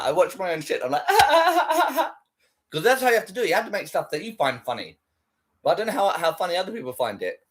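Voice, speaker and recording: A man chatting casually on a livestream, rambling and swearing while he answers viewers. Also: on the high side. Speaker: livestream host.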